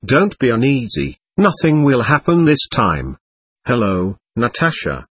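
A man's voice: mid-range voice, big pitch swings, a little slow, a bit bright, slightly rough, full character voice. A man voicing a bold, cocky teenage schoolboy who talks in a lofty, mocking way. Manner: lofty, mocking and self-assured.

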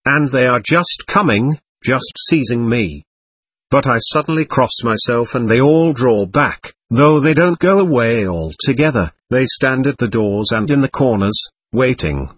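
A man voicing an excitable, capricious teenage girl, talking intensely and darting between teasing and pleading. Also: mid-range voice, a little slow, slightly rough, no room sound. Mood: feverish.

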